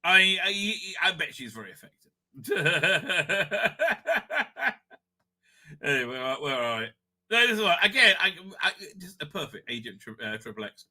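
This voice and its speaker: A man's voice: a little high, very animated, a little fast, pushed and bright. A man hosting a casual live stream, rambling and swearing freely, with stammered fillers as he reacts to chat.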